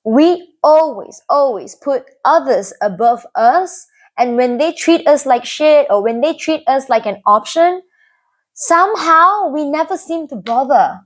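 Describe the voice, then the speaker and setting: High-voiced young woman, earnest. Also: animated, unhurried. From Malaysia. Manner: earnest and confiding, often tags lines with "right?". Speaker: vlogger. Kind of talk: personal storytelling to camera.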